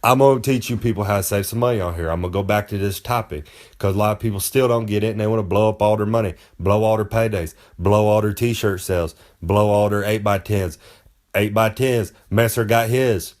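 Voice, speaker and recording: A man's voice: fairly low pitch, steady tone, brisk. A man giving a comic, boastful monologue. He rambles in a folksy way and talks about himself in the third person. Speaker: wrestler giving comic advice.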